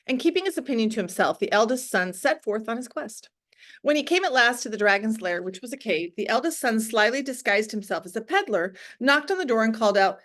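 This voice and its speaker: A woman's voice: a little high, brisk. Woman teacher, storybook read-aloud with casual classroom asides. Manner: expressive reading, casual asides.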